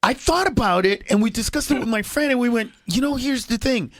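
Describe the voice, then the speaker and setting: Animated man joking on morning radio. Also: extremely high pitch, fairly quick. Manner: animated, excitable, laughs while talking. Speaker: guest comedian. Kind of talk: comedic morning radio chat. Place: radio studio.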